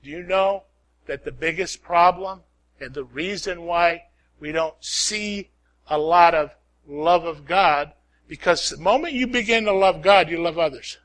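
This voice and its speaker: A man preaching a sermon, swinging from loud calls to hushed prayer, repeating lines and asking "Amen?". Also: a little high, a little slow.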